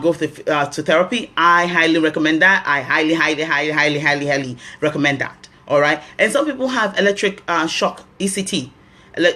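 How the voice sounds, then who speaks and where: A woman's voice: deep voice, bright, forceful tone. A woman with a Nigerian accent hosting a health talk, giving earnest advice and repeating key phrases for emphasis.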